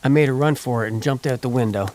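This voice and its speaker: A man's voice: medium pitch, quick pace, a little mellow, lightly acted. A man voicing Tony, a rowdy young outlaw cowboy with a telling a boastful tall tale in an audiobook. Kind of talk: audiobook character voice.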